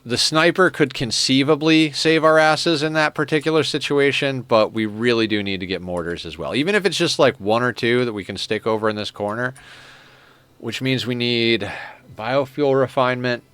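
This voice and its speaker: A man's voice: mid-range voice, moderate pace, fairly bright tone, clean tone, dry recording. A man streaming a strategy game, chatting casually and telling a rambling story at a desk microphone. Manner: rambling storyteller, laughs at his own story. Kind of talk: casual chat while playing a strategy game.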